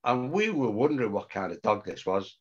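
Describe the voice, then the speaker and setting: A man's voice: on the low side, brisk, husky. An older man telling a story in a casual interview, acting out what people said and laughing as he goes. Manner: animated, acts out quotes, laughs often. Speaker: storyteller guest. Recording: muffled lo-fi sound.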